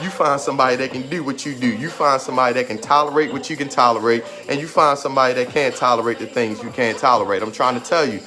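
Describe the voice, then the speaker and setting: Music runs beneath a medium-pitched male voice that is quick, sharp in tone, and barely pauses. The speaker, a motivational speaker in his thirties, pushes an emphatic, repetitive message and tries not to break into tears.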